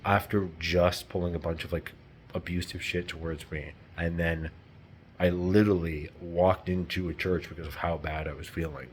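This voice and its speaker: A man's voice: low-pitched, flat delivery, moderate pace, slight background noise. A man talking in a rambling, heated, profane unscripted monologue.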